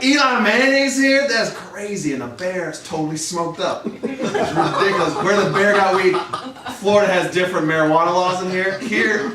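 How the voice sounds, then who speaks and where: A man with a fairly high voice rambles through an absurd improvised story, often breaking into laughs. He is heard from well back off the mic in a very echoey room. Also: recorded from a distance. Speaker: comedian. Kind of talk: improvised comic slide-show story.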